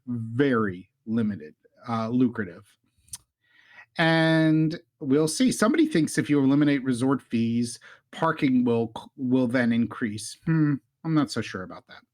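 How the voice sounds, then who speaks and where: Male podcast host, casual and upbeat, mid-range voice. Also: medium pitch. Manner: chatty, upbeat, asks questions, hums sound effects.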